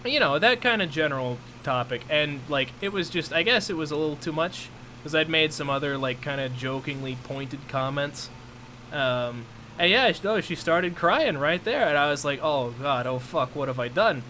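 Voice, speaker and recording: A man's voice: on the high side, moderate pace, a little hiss or hum. Rambling young man telling a story. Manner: rambling, animated storytelling with many fillers and restarts. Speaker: streamer. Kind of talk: casual chat, storytelling.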